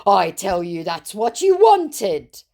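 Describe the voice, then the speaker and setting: A woman voicing a young male online scammer posing as a celebrity, speaking slowly in stilted, formal phrases. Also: mid-range voice, very animated, mellow, pitched above the performer's own voice.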